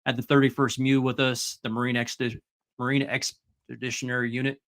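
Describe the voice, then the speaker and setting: A man talking as a guest, telling his story in a relaxed, easygoing way. His voice sits at an ordinary middle pitch, with nothing unusual in its tone. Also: normal speed. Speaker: guest, Navy and Army veteran. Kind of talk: casual conversation.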